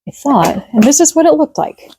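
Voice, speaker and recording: Chatty home-kitchen vlogger, woman, mellow voice, upbeat and rambling. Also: high voice, big pitch swings, normal speed, slight background noise. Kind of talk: casual kitchen demonstration.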